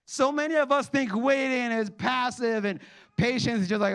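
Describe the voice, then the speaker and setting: High-voiced man preaching with animation. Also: normal speed, clean tone. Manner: animated preaching with sudden drops to quiet asides; calls on the congregation to respond. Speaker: pastor. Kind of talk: sermon.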